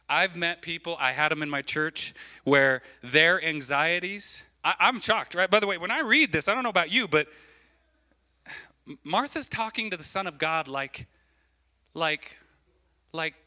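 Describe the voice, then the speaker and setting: A man preaching a sermon as a pastor in church, animated and repetitive, often checking in with his listeners. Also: on the high side, measured pace, long pauses. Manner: animated, repeats phrases, keeps asking the crowd "right?".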